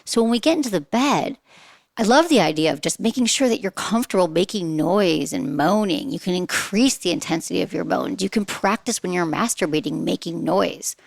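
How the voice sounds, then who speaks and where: Gravelly-voiced woman coaching casually. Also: on the low side, brisk, no room sound. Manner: chatty and coaching, with rhetorical questions. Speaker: podcast host giving sex advice. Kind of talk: casual advice talk.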